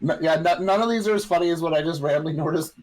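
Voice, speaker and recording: A man's voice: a little high, rapid-fire, darkish tone, low-quality recording. A man co-hosting a podcast in crude casual chat, giggly as he reads things out. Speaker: podcast co-host.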